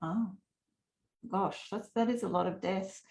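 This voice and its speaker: A woman hosts the interview and speaks slowly in an unhurried voice with a gravelly fry. She keeps her talk soft and adds murmurs of agreement as her guest speaks. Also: medium pitch. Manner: soft-spoken, with frequent listening murmurs. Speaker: interview host. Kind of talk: interview conversation.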